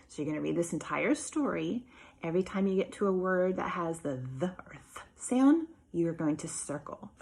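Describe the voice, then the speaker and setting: A woman's voice: lowish voice, darkish tone, a little hiss or hum. Patient woman teacher sounding out phonics. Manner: patient, clearly sounding out letter sounds for children. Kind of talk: remote phonics and writing lesson.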